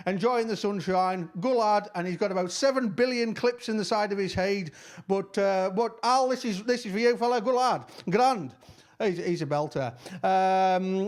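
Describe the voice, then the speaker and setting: High-voiced chatty Cumbrian man. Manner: chatty, rambling, broad northern dialect words. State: losing his voice a bit. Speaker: musician giving shout-outs. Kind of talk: casual video shout-outs. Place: at home.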